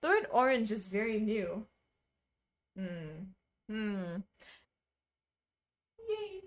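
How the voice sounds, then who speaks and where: A woman's voice: extremely slow, pauses often, a little hiss or hum. A young woman streaming, chatting casually with her viewers, reading their messages aloud and laughing often. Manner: chatty, reads chat aloud, laughs often, lively pitch swings. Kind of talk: casual chat with live chat.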